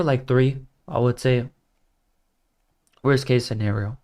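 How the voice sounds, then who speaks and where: A man's voice: medium pitch, fairly even intonation, takes it slowly, darkish tone. A man hosting a trading livestream, chatting loosely with viewers, full of "like" fillers and calling them brother. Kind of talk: casual livestream chat, reading viewer comments.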